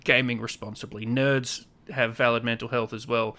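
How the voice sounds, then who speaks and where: A man's voice: medium pitch, flat delivery, normal speed, bright, forceful tone. A man in his thirties hosting a casual podcast chat, telling stories animatedly and acting out quotes in raised voices. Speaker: podcast host.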